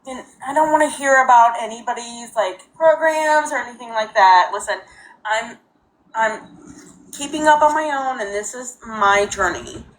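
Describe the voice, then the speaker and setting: A woman talking in halting, tearful bursts. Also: on the high side. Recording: noisy recording.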